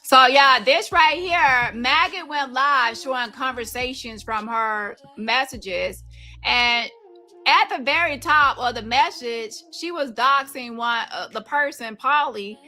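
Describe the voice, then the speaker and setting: A woman hosting a casual livestream, talking to her viewers in a blunt, gossipy way. Her voice is bright and a little high, and faint music plays underneath. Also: takes it slowly. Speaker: livestream host.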